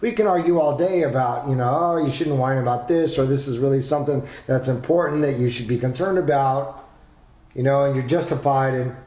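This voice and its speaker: A man hosting a solo parenting podcast, talking emphatically and asking rhetorical questions with lively delivery. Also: medium pitch, fairly quick. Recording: roomy echo.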